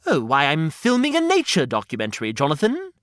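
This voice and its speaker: A man voicing an eager, earnest male hedgehog sidekick who narrates in a hushed nature-documentary manner. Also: on the high side, wildly swooping pitch, fairly quick, dry recording, clean studio sound. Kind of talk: podcast storytelling skit.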